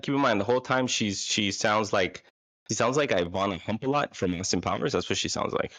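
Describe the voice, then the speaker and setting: Low-voiced man rambling through a date story. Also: animated, quick pace, creaky, fairly bright tone, no echo. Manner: rambling, self-deprecating, frequent restarts and fillers. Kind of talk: casual storytelling about a date.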